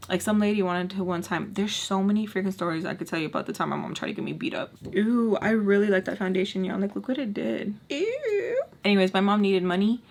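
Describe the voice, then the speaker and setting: Young woman vlogger spilling a story while doing makeup, cusses a lot, squeals up high sometimes. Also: fast talker, hardly any pauses, a little hiss or hum. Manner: animated, swearing, jumps into high exclamations.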